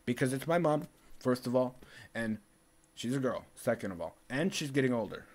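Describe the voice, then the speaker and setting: A man telling a story to his viewers in a casual, animated rant, profane, rambling and repetitive. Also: medium pitch, moderate pace. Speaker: vlogger.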